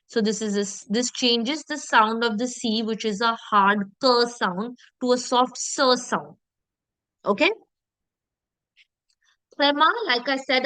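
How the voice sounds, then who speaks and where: A woman teaching an online French lesson, explaining step by step and often checking in with her students. She slows down to model French words carefully. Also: a little high, fairly bright tone, no room sound, poor audio.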